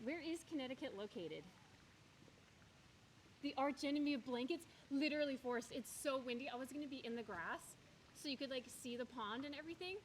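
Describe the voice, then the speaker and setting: A young woman with a fairly high voice chats in a loose, rambling way. She is streaming from a windy park by a pond, talking into her phone camera and answering her chat between yoga poses. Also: lively intonation, brisk. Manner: chatty and rambling, reads out chat messages. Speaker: streamer doing yoga outdoors. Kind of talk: casual live-stream chat.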